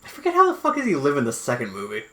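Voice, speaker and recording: A young man chatting along while a friend plays a video game, with playful, animated interjections. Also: mid-range voice, very fast. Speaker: co-commentator. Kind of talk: casual gameplay commentary.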